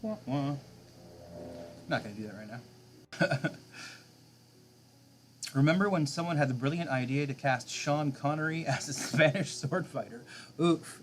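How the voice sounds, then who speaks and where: A man's voice: fairly high pitch, measured pace, long pauses, a little hiss or hum. A man streaming a game live late at night, rambling casually and answering viewers' chat.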